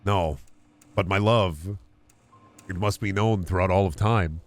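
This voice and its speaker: A man's voice: low voice, unhurried, voice pushed down. A man doing a shy lovestruck Sasquatch. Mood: earnest. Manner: earnest mock-romantic storybook delivery.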